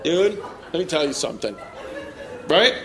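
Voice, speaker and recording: Brash comedian working a noisy crowd. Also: male voice, fairly high pitch, sing-song, moderate pace. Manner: brash, teasing, crude banter with audience. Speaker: stand-up comedian. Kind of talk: crowd work stand-up. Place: crowded airport terminal venue. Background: crowd laughter and terminal ambience.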